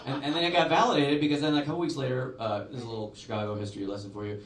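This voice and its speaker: A man's voice: medium pitch, rapid-fire. A man in his forties doing a stand-up set in a comedy club, telling stories animatedly and acting out the voices. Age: 40s. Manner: animated storytelling with acted-out voices. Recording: echoey club from far off with crowd.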